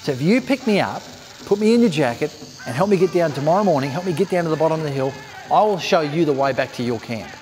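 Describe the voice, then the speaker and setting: A cold, stranded rattlesnake pleads for rescue in a steady, reasoning tone, spoken by a male storyteller. The voice sits a little high and hangs in a long hall echo with faint music under it. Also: fast, close to an everyday voice. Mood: persuasive.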